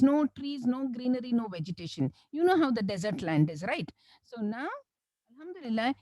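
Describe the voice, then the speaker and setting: A woman from South India, telling a religious story with a lively, swooping delivery and a fairly high pitch. Her tone is mellow and soft-edged, and the sound is close and dry with little room around it. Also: no echo, rough recording. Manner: animated storyteller, frequent "you know" and devotional phrases. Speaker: Islamic lecturer.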